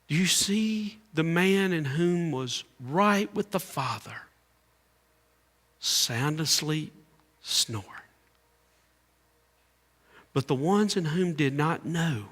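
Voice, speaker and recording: A man preaching a sermon as pastor, swinging between loud calls and hushed asides. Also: fairly high pitch, lively intonation, takes it slowly, long pauses. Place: church sanctuary. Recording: echoey church hall.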